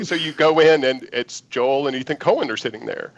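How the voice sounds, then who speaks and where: A man, an actor guest, telling an animated audition story in an interview and acting out the lines he quotes. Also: mid-range voice, moderate pace, hardly any pauses, no room sound, muffled recording.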